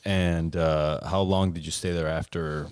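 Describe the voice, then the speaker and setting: A man's voice: rumbling low, steady tone, unhurried, a little mellow, no room sound, clean studio sound. A man hosting a casual interview podcast, chiming in with short, laid-back, profane remarks. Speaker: podcast host.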